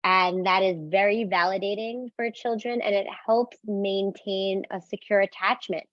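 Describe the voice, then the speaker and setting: A woman explaining parenting skills in an instructional talk, calm and clear, often checking in with a quick "right?". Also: medium pitch, no echo. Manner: explains calmly, asks "right?", acts out sample phrases for parents. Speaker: parenting educator. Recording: dry, slightly dull and lo-fi.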